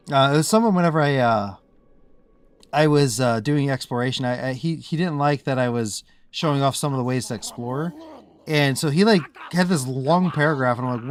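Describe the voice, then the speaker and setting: A man's voice: a little high, normal speed. A man from the US Midwest streaming a game, chatting casually as he plays, rambling and breaking off mid-thought with frequent laughs. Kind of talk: casual live-stream commentary.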